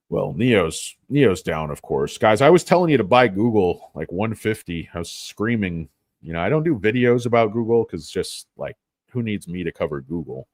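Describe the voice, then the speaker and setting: Male stock streamer, rambling jokester, swinging pitch, dry close sound. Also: darkish tone, dry recording. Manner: rambling, joking, bouncy delivery. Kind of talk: casual livestream chat.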